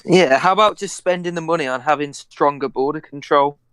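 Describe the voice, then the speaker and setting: Brief: young male co-host, slightly higher voice, blunt sarcastic chimes. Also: brisk, a bit bright. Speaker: podcast co-host. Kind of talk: casual debate chat.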